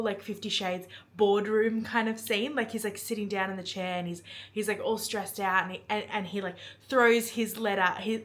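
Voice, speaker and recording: A young woman vlogging at home in a casual, chatty way, full of fillers and asides, dropping her voice when she quotes. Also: medium pitch. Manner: chatty, many fillers, hushed when quoting. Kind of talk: casual chat, retelling a book scene. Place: at home, in bed.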